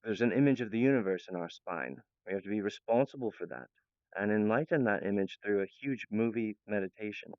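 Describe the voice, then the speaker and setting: A young man talks in a long, wandering monologue, chuckling often and restarting his sentences. His voice is smooth and resonant at a middling pitch. The recording is dull and lo-fi, with no room echo at all. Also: fairly quick. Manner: meandering, laughs often, many restarts. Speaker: channel host. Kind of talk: rambling monologue. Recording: dull, lo-fi, dry sound.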